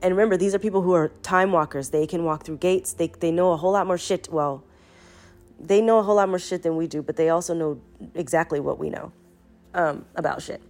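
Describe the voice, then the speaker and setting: A woman's voice: lowish voice, fairly even intonation, a little fast, darkish tone, faint music behind. A sick young woman casually retelling a spiritual story, rambling and profane, talking straight to her listeners. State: sick, foggy-headed.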